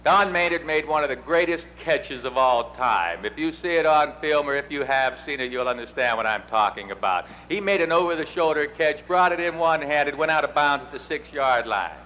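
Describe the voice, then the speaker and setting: Middle-aged man, somewhat high voice, folksy ceremony speech with faint hum behind. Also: lively intonation, normal speed, hardly any pauses, bright, forceful tone, poor audio. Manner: folksy, anecdotal, self-deprecating. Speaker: induction ceremony presenter. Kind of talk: speech with storytelling.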